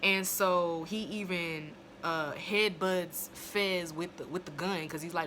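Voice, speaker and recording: A woman's voice: on the low side, steady tone, unhurried, hardly any pauses, noisy background. A young woman recapping a TV episode in a casual, profane, blunt way, laughing as she goes, recorded on a phone at home. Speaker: TV episode reviewer.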